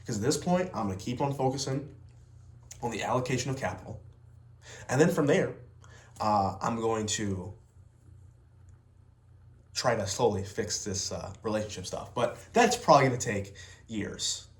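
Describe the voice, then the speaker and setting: A man's voice: fairly low pitch, expressive, moderate pace, long pauses, echoey room. A young man ranting bluntly to camera, swearing heavily and stressing his words. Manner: blunt, heavy swearing, emphatic. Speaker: vlogger, salesman. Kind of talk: unscripted personal rant to camera.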